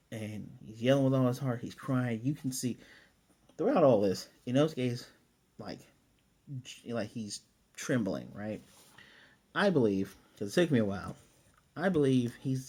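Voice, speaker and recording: A man's voice: mid-range voice, dark tone. A man casually recapping an anime episode as a reviewer, in a loose, rambling way with laid-back slang. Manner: loose and rambling, retelling scenes with "he's like".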